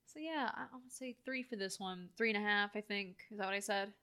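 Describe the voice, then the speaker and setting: A woman's voice: mid-range voice, pushed and bright, smooth. A woman co-hosting a casual podcast chat about a film, joking and laughing often. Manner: giggly, jokey, quick to laugh. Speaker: podcast co-host.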